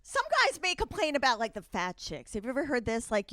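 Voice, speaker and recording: A woman doing a stand-up comedy set with a brisk, conversational delivery and wry asides. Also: sits high, sing-song, a bit bright, dry recording, studio quality. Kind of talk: stand-up set, then a short chat with the host.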